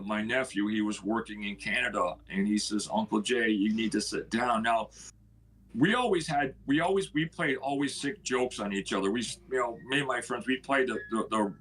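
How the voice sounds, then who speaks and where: A man's voice: fairly low pitch, fairly bright tone, breathy edge, rough recording. Man telling a painful story. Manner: emotional, halting, acts out quoted dialogue. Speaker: house owner telling his story. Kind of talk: personal storytelling.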